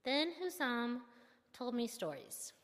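A young woman seminary student telling a personal story in a candid, self-deprecating and expressive way. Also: on the high side, slow, long reverb tail.

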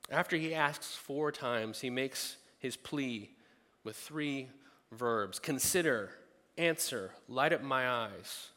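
A man preaching with a bright, forceful voice, talking with his listeners and then climbing to loud, emphatic peaks. His voice rings in a large hall with a long reverb. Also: mid-range voice, takes it slowly, few pauses. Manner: conversational, rising to emphatic peaks. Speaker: pastor. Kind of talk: sermon.

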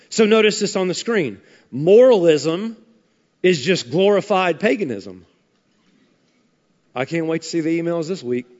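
A male pastor preaching a fiery, emphatic sermon in a church, calling out for amens and asking the congregation questions. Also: high voice. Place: church sanctuary. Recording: dull lo-fi sermon audio with long hall reverb.

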